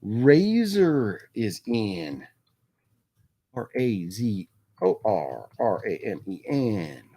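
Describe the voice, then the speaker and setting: A man's voice: on the low side, sing-song, drawn-out words, warm tone. A man hosting a casual live stream from his home, chatting loosely, reading out viewer names and laughing often. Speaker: livestream host. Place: home room with his movie collection.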